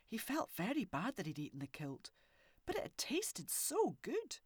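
A woman reading a children's story aloud with expressive, animated delivery and soft whispery asides. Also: medium pitch, moderate pace, breathy edge, no room sound, studio quality. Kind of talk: storybook narration.

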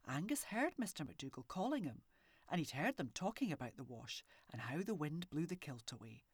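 A woman reading a children's story aloud with expressive, animated delivery and soft whispery asides. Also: low-pitched, moderate pace, slightly rough, no echo. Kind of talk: storybook narration.

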